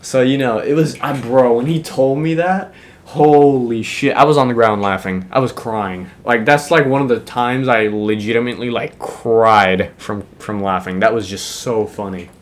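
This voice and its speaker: A man's voice: medium pitch, moderate pace. A young man casually telling a funny school story, swearing often and laughing as he goes. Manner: animated, profane, laughs while telling.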